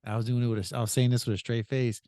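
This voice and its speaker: A male podcast host spins a rambling story, looping back with "I said" and chuckling along the way. His voice sits at a middle pitch, and the recording is dry and close. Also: flat delivery, racing, warm tone, dry recording. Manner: retells with many "I said", laughs often. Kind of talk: casual storytelling.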